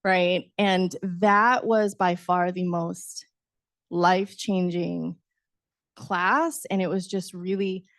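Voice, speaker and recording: A middle-aged woman, a book author, telling a lively personal story at a book talk, laughing often and acting out her younger self. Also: lowish voice, slow, no room sound, studio quality. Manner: animated, acts out her past self, laughs often, says "right?". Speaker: author guest.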